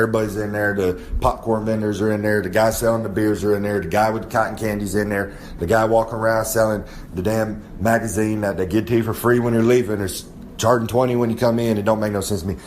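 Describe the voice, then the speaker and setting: A man's voice: lowish voice, slight background noise. A man giving a boastful, rambling wrestling monologue. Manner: swaggering, rambling, drawling brag. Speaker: wrestler giving a comic segment.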